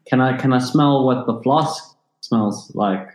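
A man's voice: medium pitch, slow pace. A man playing a tabletop game, speaking briefly and casually as his character. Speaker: player. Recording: roomy echo.

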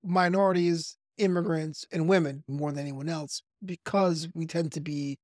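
A man from New York with a softened Brooklyn accent, a comedian guest on a podcast, talking fast in an animated, practiced radio-style way. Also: fairly high pitch, no room sound, clean studio sound. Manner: self-described fast talker. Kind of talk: podcast interview.

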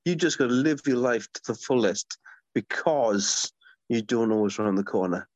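A man's voice: mid-range voice, expressive, normal speed, dry recording, lo-fi sound. Enthusiastic rambling middle-aged man. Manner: enthusiastic, rambling storyteller with many restarts. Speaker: guest, author. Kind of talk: conversational podcast interview.

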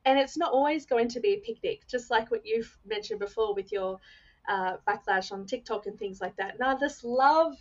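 A woman's voice: fairly high pitch, moderate pace. Casual woman on muffled audio. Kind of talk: casual podcast chat.

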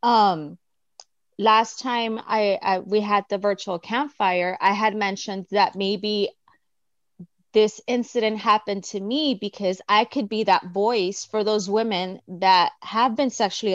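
A woman's voice: medium pitch, unhurried, dry recording, lo-fi sound. Earnest woman sharing her story on a call. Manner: earnest, reflective storytelling with animated quoted asides. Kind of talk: casual personal sharing on a video call.

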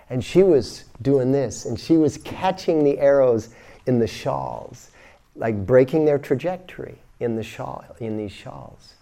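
Male spiritual teacher, lecture delivery, mid-range voice, dynamic storyteller with loud bursts. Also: mid-range voice. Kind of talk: recorded lecture.

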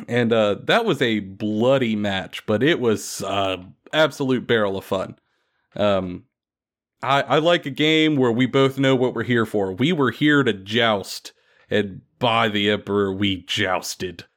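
A man's voice: fairly low pitch, a little slow. Podcast host guy, casual and playful, lots of ums and likes. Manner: animated, playful storytelling with lots of fillers. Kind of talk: casual tabletop gaming chat.

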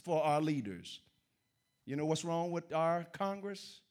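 Man, high voice, sermon, loud then hushed, repeats phrases. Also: expressive, unhurried. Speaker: pastor.

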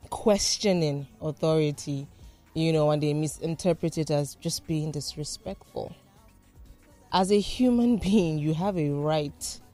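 A woman joins a radio talk show as a studio guest and argues her opinion in an assertive, conversational tone. Her voice sits very low for a woman. Faint music plays under the talk. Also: warm tone.

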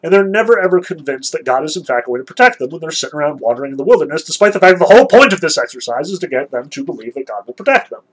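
A man giving a casual lecture, chatty and animated, with self-deprecating asides. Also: on the high side, very fast, hardly any pauses, poor audio.

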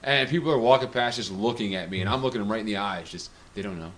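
A man co-hosting a podcast, telling a funny story in casual chat and slowing down for effect. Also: lowish voice. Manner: lively, drawn-out storytelling with pauses for effect. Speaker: podcast co-host.

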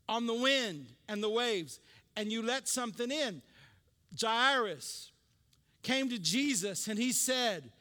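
A male pastor with a high, forceful, bright voice delivers a conversational sermon. He teaches with offhand jokes and asks the congregation to repeat lines back. His voice rings with the long reverb of a church hall. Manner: conversational preaching with asides and call-and-response.

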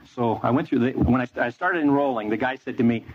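A man's voice: mid-range voice, fast. A man preaching a sermon, telling a story with energy and quizzing the audience. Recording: dull lo-fi with faint noise.

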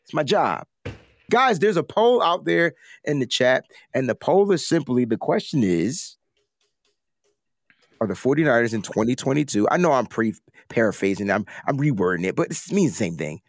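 A man hosting a live sports talk stream, excitable and slangy as he chats with viewers and co-hosts. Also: mid-range voice, moderate pace, no echo, clean studio sound. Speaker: podcast host. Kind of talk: casual livestream chat.

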